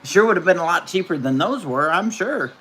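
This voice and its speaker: A woman's voice: fairly low pitch, expressive, fairly quick, fairly bright tone, slight background noise. A middle-aged woman, chatting casually and telling folksy stories while hosting a livestream. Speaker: livestream host.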